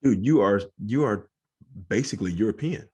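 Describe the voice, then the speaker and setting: A man co-hosting a podcast, chatting casually and getting excited, often repeating himself. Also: fairly low pitch, normal speed, slightly rough, lo-fi sound. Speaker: podcast co-host. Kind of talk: casual chat.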